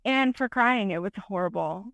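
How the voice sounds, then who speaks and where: A woman photographer, a podcast guest, telling an animated, self-deprecating story in casual interview talk. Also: medium pitch, normal speed, creaky, no room sound.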